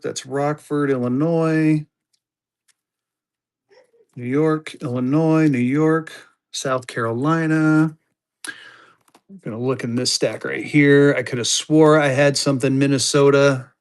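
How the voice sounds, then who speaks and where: A man's voice: medium pitch, smooth. A man, chatting casually to viewers as a live-stream seller and thinking aloud as he digs through his stock. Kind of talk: casual live auction chat.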